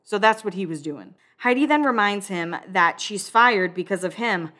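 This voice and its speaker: A woman's voice: medium pitch, expressive, normal speed, bright, forceful tone. Chatty sarcastic woman recapping a show. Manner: chatty and sarcastic, acts out quotes, swears. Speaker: recap podcast host. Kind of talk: casual recap commentary.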